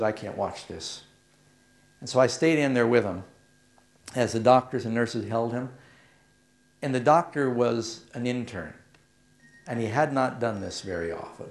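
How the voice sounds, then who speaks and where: A middle-aged man preaching a sermon, moving from earnest storytelling to emphatic appeals. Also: mid-range voice.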